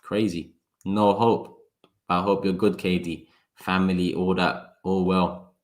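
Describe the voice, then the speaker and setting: A livestream host with a low, flat voice rants sarcastically in casual chat. He talks fast in bursts, swears, and addresses viewers by name.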